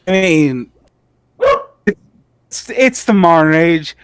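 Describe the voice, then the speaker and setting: A man's voice: fairly high pitch, lively intonation, slow, noisy background. A man co-hosting a podcast in casual chat, making dry, offhand asides with plenty of filler words. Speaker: podcast co-host.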